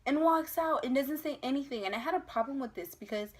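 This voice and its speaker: A young woman from the United States telling a personal birth story to camera in a casual vlog, emotional and animated, acting out the voices of others. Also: sits high, quick pace. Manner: emotional, animated retelling with acted quotes.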